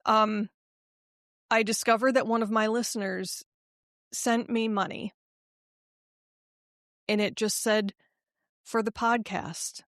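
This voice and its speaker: A woman hosting a motivational podcast, speaking in an emphatic, affirming way that turns halting and emotional when she gets personal. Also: on the high side, little pitch movement, fairly bright tone, dry recording, clean studio sound. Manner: slow, emphatic, affirming delivery. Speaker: podcast host and life coach.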